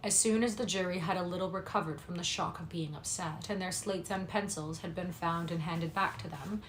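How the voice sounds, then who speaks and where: A woman reading a classic novel aloud from a home streaming setup, in a slightly low voice with a faint hum of room noise behind her. She reads at a quick pace and drops into soft, apologetic chat with her viewers between passages. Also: low-quality recording. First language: English. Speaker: livestream reader.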